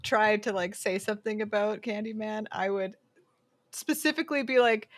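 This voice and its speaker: A woman's voice: medium pitch, moderate pace. A woman co-hosting a casual podcast, playful and giggly, rambling through her thoughts. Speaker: podcast co-host.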